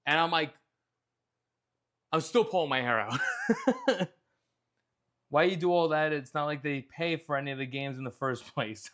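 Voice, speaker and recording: A man's voice: fairly high pitch, fairly bright tone. A man, hosting a casual chat show and telling a story with a lot of animation and frequent swearing. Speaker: host.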